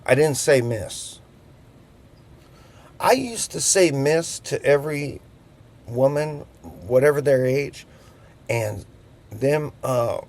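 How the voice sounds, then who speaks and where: Husky fiftysomething guy rambling thru a story, lots of jokey side-tracks, bouncy pitch. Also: a little mellow. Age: 50s. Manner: chatty, digressive, jokey asides. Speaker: vlogger. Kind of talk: rambling anecdote, casual storytelling. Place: on a boat.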